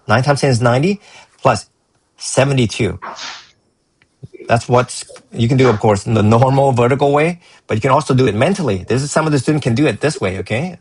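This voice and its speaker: A man's voice: mid-range voice, husky, rough recording. A man tutoring math and going over a student's work, encouraging and rambling, often restarting his sentences.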